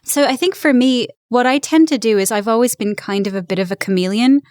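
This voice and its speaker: A woman's voice: fairly high pitch, brisk, darkish tone, smooth, no echo. English-born woman with an American accent, dry sound. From England. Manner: upbeat, laughs easily, chatty. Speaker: guest voice actor. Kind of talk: casual interview chat.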